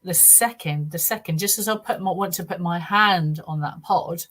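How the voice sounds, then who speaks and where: A middle-aged woman, a guest on a podcast interview. She tells a first-person account earnestly, in a halting way with many restarts. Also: fairly low pitch, fairly bright tone. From United Kingdom.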